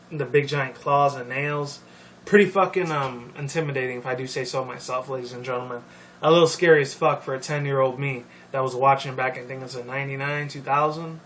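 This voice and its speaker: A young man rambling casually about a video game series, swearing often and filling pauses with ums and likes. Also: a little high, fairly bright tone. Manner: profane, rambling, many fillers. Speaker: video commentator. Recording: distant mic with faint noise.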